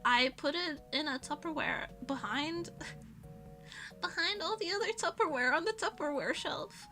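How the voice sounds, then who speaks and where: A young woman streams in an easy, rambling way, often laughing at herself. Her voice sits high and sounds bright and crisp, with faint music playing underneath. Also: unhurried. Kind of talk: casual chat.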